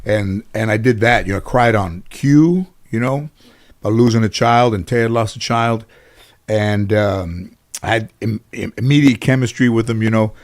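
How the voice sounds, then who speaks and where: A middle-aged man telling long stories as a talk show guest, rambling and halting with fillers and restarts. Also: fairly low pitch. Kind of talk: casual storytelling.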